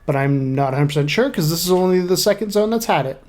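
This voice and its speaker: A man's voice: a little high, lively intonation, quick pace, hardly any pauses, a little mellow. A man casually commenting on his game as he plays, chatty and irreverent, swearing offhand. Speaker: gamer playing through the story.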